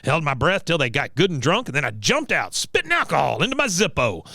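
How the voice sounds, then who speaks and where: A man's voice: on the high side, big pitch swings, fairly quick, pushed and bright, no room sound, clean studio sound, full character voice. A man putting on the voice of a mean, boastful old male war veteran who brags and insults people. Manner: gruff, bragging, insulting.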